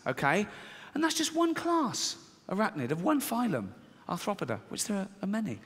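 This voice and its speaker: Animated stand-up comic man in a hall. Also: normal speed, hardly any pauses. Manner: deadpan, swearing, acts out high squeaky voices. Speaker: stand-up comedian. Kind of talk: stand-up comedy. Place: large theater with audience. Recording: live theater, audience laughter.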